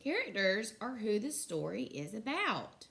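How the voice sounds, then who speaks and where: A woman teaches young children to read, sounding out each letter with slow, clear care. She praises often in a bright, lively tone. Her pace stays unhurried throughout. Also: medium pitch. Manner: encouraging. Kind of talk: recorded phonics lesson for young children.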